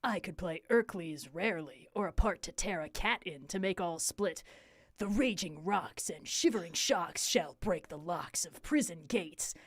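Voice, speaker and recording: A woman's voice: on the low side, expressive, no room sound, studio quality. A woman reading a boastful hammy weaver. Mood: pompous. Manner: grand, declaiming, drawn-out lines. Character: boastful hammy male weaver, show-off amateur actor. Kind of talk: live table read of a play.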